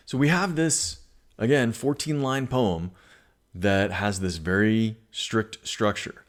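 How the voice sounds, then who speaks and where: Man, low voice, english teacher, patient explaining, reads poems aloud, some ums. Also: slow, smooth. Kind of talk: recorded online lesson.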